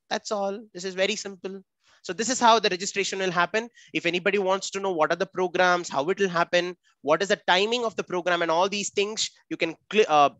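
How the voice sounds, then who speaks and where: A man's voice: high voice, pushed and bright, no room sound. A man with an Indian English accent teaching a live online coding class for children, upbeat and chatty, calling on students by name.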